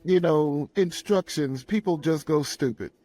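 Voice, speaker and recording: Ein Mann, der als Gast in einem Podcast locker und gelassen plaudert. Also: male voice, a little high, measured pace, faint music behind. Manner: relaxed, easygoing, says "bro". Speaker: podcast guest. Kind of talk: casual chat.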